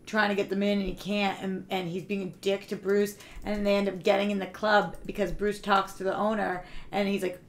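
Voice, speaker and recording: A chatty woman on a casual podcast, recapping TV episodes in a loose, filler-heavy way. Her voice sits at an ordinary middle pitch, and she gets audibly excited when a show she loves comes up. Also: brisk. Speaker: guest co-host.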